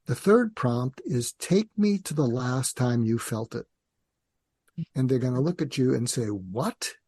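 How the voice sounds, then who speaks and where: An older man, a psychiatrist guest, explaining calmly and in a measured way in an interview, sometimes acting out dialogue. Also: mid-range voice, dry recording, studio quality. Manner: calm, measured, acts out parent and teen dialogue.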